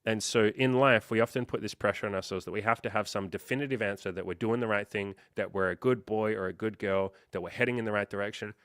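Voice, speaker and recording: A man hosting a livestream as a life coach, chatting casually and reading out viewer comments, with lots of fillers and quick quoted reactions. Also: fairly low pitch, a bit bright, no room sound, studio quality.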